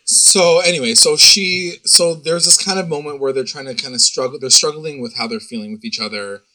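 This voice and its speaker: A young man chatting casually as a co-host, retelling a TV episode in a rambling, animated way, full of fillers and little quoted voices. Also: a little high, brisk, low-quality recording. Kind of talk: casual chat.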